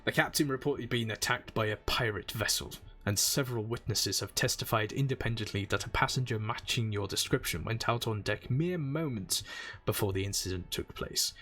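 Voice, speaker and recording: A man's voice: on the low side, moderate pace, pushed and bright, soft background music. A man voicing a stern, suspicious male guard officer who speaks formally and accusingly.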